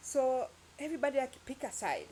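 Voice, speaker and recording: A woman's voice: high voice, big pitch swings, a little fast, a little mellow, a little hiss or hum. Rambling, emphatic woman vlogger. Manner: emphatic, rambling, with sound-effect words. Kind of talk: casual opinion monologue.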